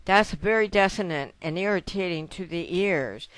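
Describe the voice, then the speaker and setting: A piano teacher with a lowish, clear, resonant voice speaks at a moderate pace, patiently explaining the lesson step by step and counting notes aloud. Piano notes sound between her phrases, and the recording is dry.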